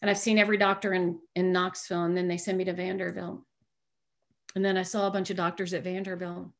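Woman, recovery speaker, lively storyteller who does the voices in her anecdotes. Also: on the low side, quick pace. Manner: animated storyteller who acts out quoted voices. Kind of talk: personal recovery talk to an audience.

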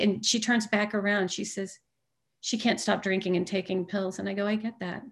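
A woman's voice: mid-range voice, steady tone, moderate pace, vocal fry. Earnest woman sharing her recovery testimony. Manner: earnest and emphatic, with many restarts; drops to a hushed voice when retelling dialogue. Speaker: sober member sharing at a recovery meeting. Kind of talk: personal testimony share.

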